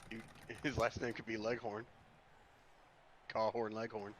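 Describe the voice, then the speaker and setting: A man's voice: lowish voice, level tone, measured pace, a little hiss or hum, low-quality recording. A man chatting casually and joking crudely, laughing often. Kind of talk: casual chat.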